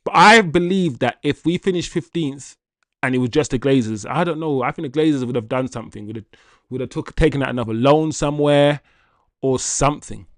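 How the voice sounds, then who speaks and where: A man's voice: medium pitch, a little fast, no room sound, clean studio sound. A man hosting a football livestream, chatting casually, reading viewer comments, and laughing often. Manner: animated and chatty, laughs often, addresses chat as guys. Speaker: football channel livestream host.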